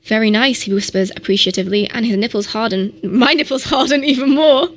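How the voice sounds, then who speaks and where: A woman streamer reads a novel aloud with a fairly high voice. She gives it a mock-dramatic delivery. She sometimes trips over a word and corrects herself. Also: fairly quick. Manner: mock-dramatic reading with stumbles.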